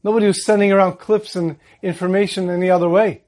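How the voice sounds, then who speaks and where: A man giving a holiday Torah talk, telling a story in a calm way and slowing down on the Hebrew verses. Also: high-pitched.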